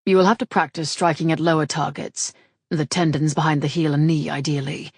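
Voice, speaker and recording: A woman reading the lines of a grave, teasing male rogue in a measured, dry manner. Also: low-pitched, steady tone, breathy edge, dry recording.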